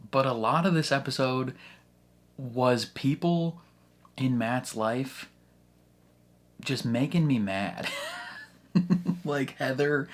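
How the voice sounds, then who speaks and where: A man hosting a casual reaction video, ranting in an animated, exasperated way and swearing often. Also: medium pitch.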